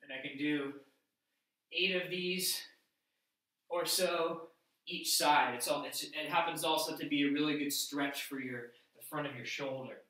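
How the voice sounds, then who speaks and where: Walking through an instructional workout demo, a male fitness instructor breaks down every move as he performs it, his intonation fairly even and his pace measured. The bright, rather high voice comes from far off the mic, and the room is heavily reverberant.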